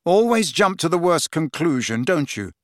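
A man's voice: on the high side, very animated, moderate pace, dry recording, studio quality, pitched above the performer's own voice. A man voicing a defensive, flustered teenage schoolboy wizard in an audiobook.

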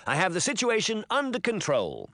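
Man voicing a smug smooth prince. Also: sits high, huge pitch swings, normal speed, a bit bright, dry recording, clean studio sound, voice pushed up, exaggerated voice. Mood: reassuring. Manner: smooth, assured, bossy. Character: smug, smooth-talking adult prince, commanding. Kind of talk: audiobook character voice.

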